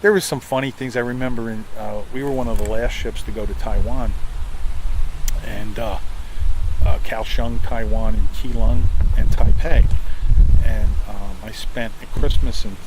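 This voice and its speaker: A man's voice: lowish voice, steady tone, normal speed, background noise. An older man, a navy veteran, telling rambling stories from his service in a casual interview, full of fillers and restarts and acting out the people he quotes.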